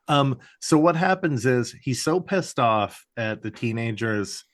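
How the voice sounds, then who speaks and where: A medium-pitched, animated man speaks at a measured pace with hardly any pauses, co-hosting a podcast that recaps a TV episode. He rambles casually, swears, overuses "like," and slips into mock voices for the characters.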